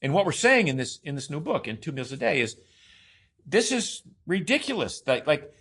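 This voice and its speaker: A man's voice: on the high side, sing-song, fast, fairly bright tone. Emphatic man explaining with long lists. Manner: enthusiastic, emphatic, stacks long lists with restarts and fillers. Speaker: podcast guest, co-author of a diet book. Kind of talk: casual podcast conversation.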